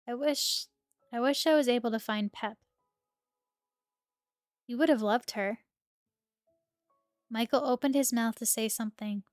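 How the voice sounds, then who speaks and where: A young woman streamer reading a romance game's narration aloud in a steady storybook manner, close to her microphone. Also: a little high, dry recording. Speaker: streamer reading a visual novel.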